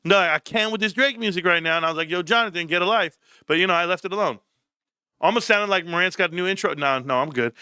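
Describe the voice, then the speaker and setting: A man hosting a casual livestream, bantering with chat in an animated, profane way. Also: high voice, quick pace, clear, resonant tone, dry recording, studio quality. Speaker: livestream host.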